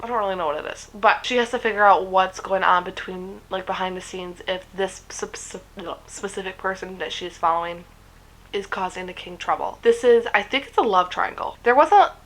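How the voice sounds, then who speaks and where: A woman's voice: fairly low pitch, fairly bright tone, poor audio. A woman reviewing books in a casual chat, gushing, swearing freely and filling gaps with "like". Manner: chatty and gushing, swears freely, many fillers. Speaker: book vlogger.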